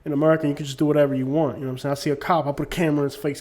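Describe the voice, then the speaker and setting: A man's voice: on the high side, flat delivery, very fast, few pauses, a little mellow. A man talking casually to camera as a YouTuber, rambling with lots of fillers. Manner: rambling, many "you know what I'm saying" fillers. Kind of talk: casual opinion monologue.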